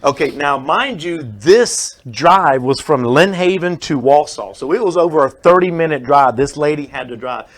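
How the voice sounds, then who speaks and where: A man's voice: on the high side, lively intonation, normal speed, hardly any pauses. A man, a pest control worker who is also a pastor, telling an earnest story as a guest in a radio studio and acting out the people he quotes.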